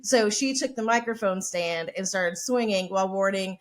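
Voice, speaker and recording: A woman's voice: mid-range voice, normal speed, few pauses. A woman podcast host telling a story in a brash, chatty, profane way. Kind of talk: casual storytelling.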